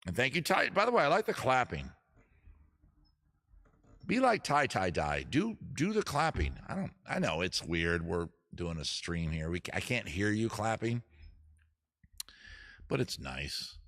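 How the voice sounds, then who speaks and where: A man's voice: fairly low pitch, big pitch swings, unhurried, pauses often, fairly bright tone. A man hosting a music livestream from home, chatting in a rambling, jokey, self-deprecating way. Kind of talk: casual livestream chat.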